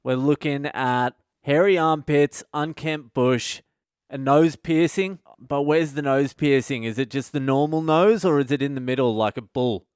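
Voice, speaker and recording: A man's voice: medium pitch, a little slow, a little mellow, smooth, no room sound, clean studio sound. An Australian man, a comedian hosting his own podcast, delivering a crude, swearing comedic rant. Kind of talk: comedic monologue.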